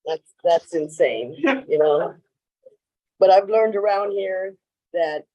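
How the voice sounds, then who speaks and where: A woman whose voice sits low, with a darkish, slightly rough tone, talks in a meeting room, captured on a low-quality recording. Her personal share at the recovery meeting meanders, peppered with "you know," as she plays out the quoted words of people in her stories.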